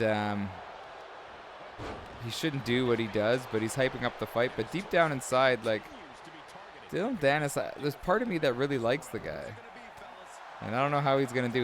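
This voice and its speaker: A man hosting his own channel, giving excitable play-by-play commentary on a simulated wrestling match and often calling the viewer "brother". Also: medium pitch, noisy background. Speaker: YouTube host.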